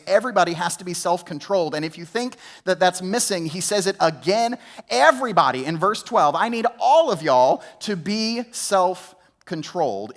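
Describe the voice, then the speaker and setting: A young adult male pastor preaching a conversational sermon, with rhetorical questions and frequent restarts. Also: a little high. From Georgia, US.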